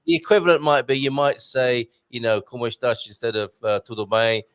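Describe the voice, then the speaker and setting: A man's voice: medium pitch, a little fast, smooth, no echo, clean studio sound. A man from England hosting a casual live Q&A, reading out viewer messages in a jokey, chatty way. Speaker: host.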